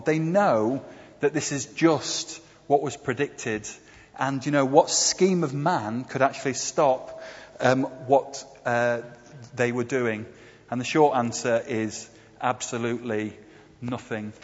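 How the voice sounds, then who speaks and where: In an echoey, muffled hall recording, a medium-pitched preacher speaks a little slowly. His sermon with slides is conversational, sprinkled with hesitant fillers and frequent tag questions aimed at the congregation.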